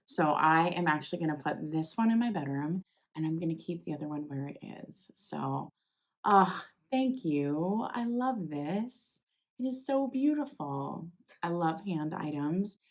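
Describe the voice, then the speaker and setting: A young woman, chatting casually as she opens packages, gushing with excited exclamations. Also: low voice, unhurried. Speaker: vlogger. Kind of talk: casual unboxing chat.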